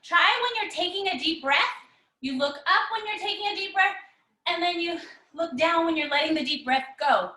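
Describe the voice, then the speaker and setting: A woman leading a children's yoga lesson, animated and encouraging, with sing-song storybook chanting as she greets kids by name. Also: extremely high pitch, normal speed. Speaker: kids' yoga teacher.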